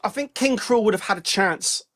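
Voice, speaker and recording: A man with a high-pitched, somewhat bright voice talks at a moderate pace on a casual music podcast he co-hosts. His music-review chatter meanders, with frequent restarts and self-corrections.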